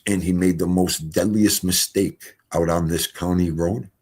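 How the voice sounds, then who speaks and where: A middle-aged man telling stories casually on a livestream, animated, swinging from loud exclamations to quiet mutters. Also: sits low, unhurried, husky. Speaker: streamer.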